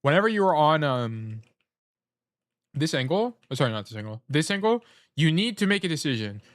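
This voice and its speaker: A man's voice: a little high, sing-song, normal speed, no room sound, studio quality. A man coaching a player through a casual gameplay review, blunt, swearing freely and often correcting himself while he eats. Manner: talks while eating. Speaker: game coach.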